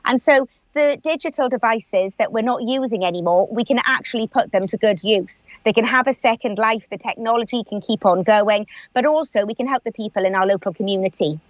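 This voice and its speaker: A woman's voice: fairly high pitch, brisk, hardly any pauses, no room sound. A woman in her forties with a Swansea Welsh accent, chatting earnestly as an actress guest in a radio interview. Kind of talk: radio interview, casual chat.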